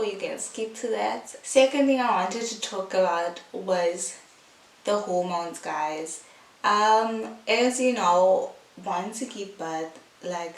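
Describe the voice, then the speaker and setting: A young woman, a new mother, chatting in a casual, heartfelt vlog, full of "like" and "um". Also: mid-range voice. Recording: echoey room, mic at a distance, faint hiss.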